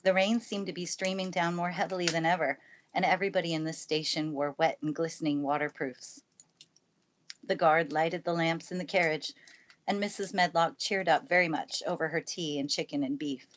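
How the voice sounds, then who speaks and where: A woman with a lowish voice reads a classic children's book aloud in a calm, steady manner. She is recorded with a studio mic in a family room by the fireplace. The sound comes across a bit dull and lo-fi. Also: normal speed. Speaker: narrator. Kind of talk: live storybook reading aloud. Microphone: good studio mic.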